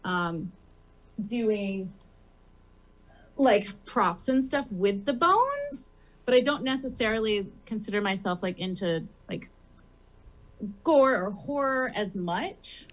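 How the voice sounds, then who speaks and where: This talk show guest, a drag performer on a comedy theater stage, speaks slowly in a sing-song, medium-pitched voice with long pauses. The interview is casual, and she rambles along, saying "like" and "um" again and again.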